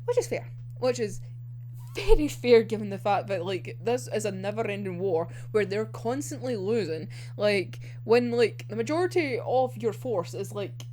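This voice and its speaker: A young woman giving a casual anime commentary, animated and heated, swearing a lot and filling with "like". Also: on the high side, a little hiss or hum. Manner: animated, heated, heavy swearing, many fillers. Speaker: anime reviewer.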